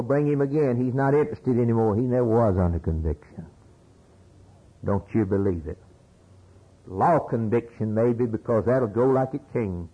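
An older American man preaching a sermon, now calm and low, then rising to loud, high exclamations. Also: slightly rough, lo-fi sound. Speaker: pastor.

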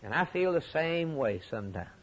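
A husky man preaching with fervor, his voice sitting a bit high for a man. He sinks into quiet, hushed phrases and then climbs into loud, ringing emphasis, stumbling over repeated words when moved. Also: very animated, normal speed, rough recording. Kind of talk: sermon.

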